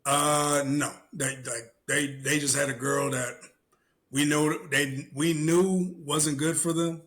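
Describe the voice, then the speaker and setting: Man, podcast co-host, casual chat, animated storytelling, swears a lot, bright forceful voice, a bit high. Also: takes it slowly. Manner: animated storyteller who acts out quotes, swears freely.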